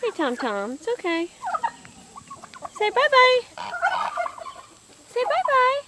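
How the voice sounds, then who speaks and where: A woman coos to her chickens in a very high, swooping pet voice, drawn out and unhurried. Clucking birds are clearly heard around her on the camera mic. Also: big pitch swings. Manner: coaxing sing-song pet talk. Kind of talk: casual home video talk to animals. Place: chicken coop, outdoors. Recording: noisy farmyard with clucking chickens.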